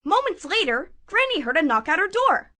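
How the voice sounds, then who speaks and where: A woman narrating a puppet show fairy tale in a playful, expressive way. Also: very high-pitched, moderate pace, background noise.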